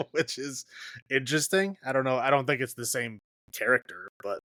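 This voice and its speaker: A man's voice: mid-range voice, very animated, measured pace, bright, forceful tone, dry recording. A man hosting a casual horror podcast, chatting with a co-host and laughing often as he trails off mid-thought.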